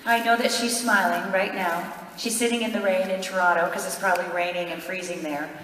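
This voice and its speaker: A woman on a convention panel, answering in a chatty way and thinking out loud. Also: medium pitch, steady tone, brisk, a little hiss or hum. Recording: echoey hall from far off.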